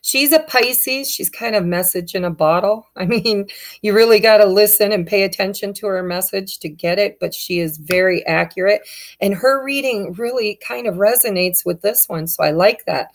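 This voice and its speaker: Upbeat woman with a gravelly edge. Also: medium pitch, normal speed. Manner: upbeat, encouraging, talks directly to viewers. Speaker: tarot reader. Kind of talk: casual tarot reading to camera.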